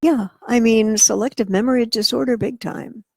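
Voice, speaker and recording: A woman co-hosting talk radio, reading news items and chatting about them. Her voice sits a bit high and has a gravelly edge. The sound is dry and close. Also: fairly even intonation, dark tone, no echo. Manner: quick news reading with short affirmations. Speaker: radio co-host.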